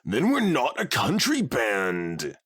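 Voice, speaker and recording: A man's voice: mid-range voice, huge pitch swings, slow pace, fairly bright tone, breathy edge, no room sound, clean studio sound, full character voice. A man voicing a brash tomboy pony girl who talks in a cocky, taunting way.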